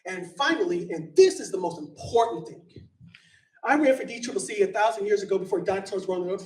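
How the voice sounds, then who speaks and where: High-voiced man, slow and playful. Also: darkish tone. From San Francisco. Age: 50s. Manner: talks slowly and deliberately, playful and direct with the room. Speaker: public commenter. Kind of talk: public comment at a meeting. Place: community center meeting hall. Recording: echoey hall, distant mic, faint noise.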